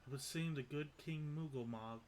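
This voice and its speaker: A man's voice: fairly high pitch, normal speed, a little mellow, faint music behind, natural voice, rough recording. A man voicing a stately elder woman leader in a game cutscene, speaking in formal, old-fashioned phrasing. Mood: solemn. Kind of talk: reading game cutscene dialogue aloud in voices.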